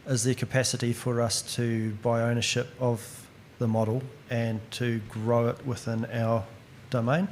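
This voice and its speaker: Flat-voiced man asking a question. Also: mid-range voice, a little hiss or hum. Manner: halting, thoughtful, restarts. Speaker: audience member.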